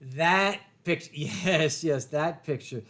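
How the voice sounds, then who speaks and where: A man's voice: fairly high pitch, slow pace, fairly bright tone. A middle-aged man hosting a casual drinking chat, rambling and swearing with many fillers and restarts. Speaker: host.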